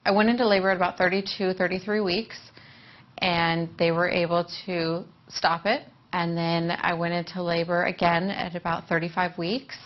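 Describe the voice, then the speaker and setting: A woman telling her own story as a former surrogate, emotional and halting at times. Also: lowish voice, flat delivery. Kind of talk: personal testimony. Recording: dull muffled audio.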